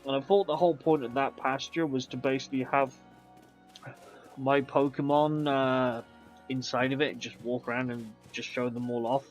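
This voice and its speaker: A man's voice: mid-range voice, steady tone, moderate pace. Chatty man rambling over gameplay. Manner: chatty, rambling, answers chat aloud. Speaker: game streamer. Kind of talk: casual gameplay commentary. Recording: slightly dull, faint background music.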